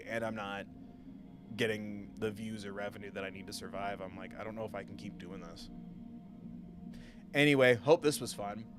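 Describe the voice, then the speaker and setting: A male gaming streamer chatting casually during a live stream, venting with frustration and frequent swearing. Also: fairly low pitch. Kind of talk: casual live gameplay chat. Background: game music.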